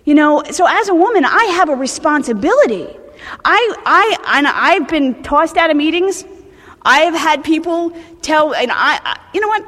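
A woman's voice: sits high, sing-song, normal speed, fairly bright tone, big-room sound. A woman in her thirties with a New Jersey accent, speaking bluntly and animatedly at a recovery meeting, swearing and restarting her sentences. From New Jersey, USA. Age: 30s.

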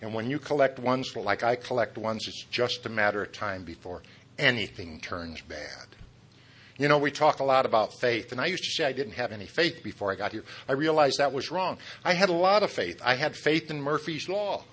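A middle-aged man tells his story at a recovery meeting, turning his own failings into jokes. His voice is bright and forceful, and he keeps chuckling at his own lines. He throws asides straight at the listeners. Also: medium pitch, animated, moderate pace, breathy edge. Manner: talks straight to the audience with asides. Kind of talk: humorous personal testimony.

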